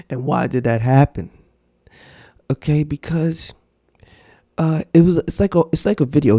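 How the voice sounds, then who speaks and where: A man's voice: medium pitch, vocal fry, mellow, dry recording, studio quality. A man hosting a podcast in casual, profane chat, laughing in disbelief as he talks. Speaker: podcast host.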